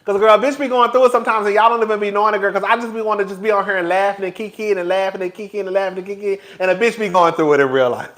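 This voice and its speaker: A man with a high-pitched voice talks to his viewers in a loose, flamboyant, chatty way, tossing in girl and child. He records himself on a phone for his vlog. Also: fast talker, a bit bright. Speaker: vlogger. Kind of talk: casual chat to viewers.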